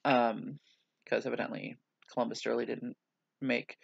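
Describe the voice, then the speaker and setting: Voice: mid-range voice, level tone, moderate pace, creaky, husky, lo-fi sound. A vlogger talking through a casual video journal, rambling and self-mocking, with many hesitations and restarts.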